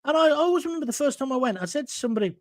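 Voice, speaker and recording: A man's voice: very high-pitched, animated, rapid-fire, no echo. A man hosting a live talk show, reading out viewer comments in a blunt, combative, rambling way from a green screen studio.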